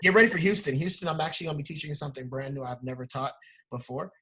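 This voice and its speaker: Fired-up man, husky bright voice. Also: a little high, very fast. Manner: loud, fired-up, blunt, laughs often. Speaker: guest trading teacher. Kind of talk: hyped motivational talk.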